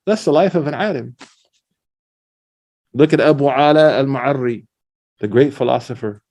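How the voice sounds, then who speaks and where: Mellow-voiced man teaching religion casually. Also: medium pitch, moderate pace. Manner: animated storytelling with slang and Arabic quotations. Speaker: Islamic scholar and teacher.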